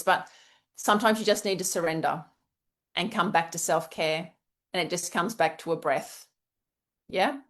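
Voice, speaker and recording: A woman with an Australian accent hosting a wellness workshop, talking in a chatty, encouraging way and laughing easily. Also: mid-range voice. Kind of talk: casual teaching talk.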